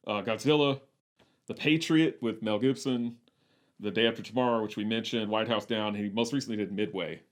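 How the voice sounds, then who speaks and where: A man co-hosting a podcast, chatting casually about a film, retelling scenes with animation and breaking into laughter, with halting restarts while he recalls facts. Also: fairly low pitch. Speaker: podcast co-host. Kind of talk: casual movie discussion.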